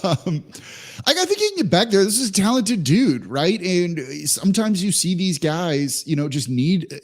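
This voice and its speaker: Animated man co-hosting a podcast. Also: sits high, moderate pace. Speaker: podcast host. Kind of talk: casual sports podcast chat.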